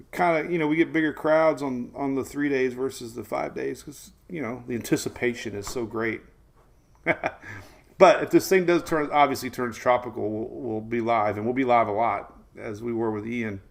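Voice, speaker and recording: This weather show host, a man in his forties, has a gravelly, medium-pitched voice. His casual live stream is full of rambling chatter, frequent laughter, and viewers welcomed by name.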